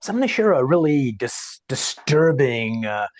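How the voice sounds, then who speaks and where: A man's voice: medium pitch, moderate pace, no room sound. Man telling a story, dry close sound. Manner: animated anecdote-teller, acts out quotes. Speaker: podcast guest, sales coach. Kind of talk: casual storytelling in conversation.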